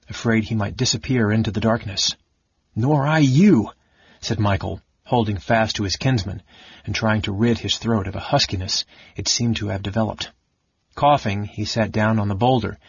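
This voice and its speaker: A man narrating an audiobook in a measured storytelling manner. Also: on the low side, vocal fry, husky, no echo. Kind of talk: scripted narration. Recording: dull lo-fi recording.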